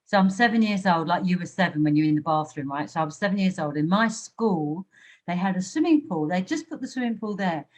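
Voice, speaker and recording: A woman's voice: on the low side, animated, fast talker, a little mellow. A woman hosting a podcast, chatting casually and drawing her guest in with tag questions. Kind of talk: casual chat.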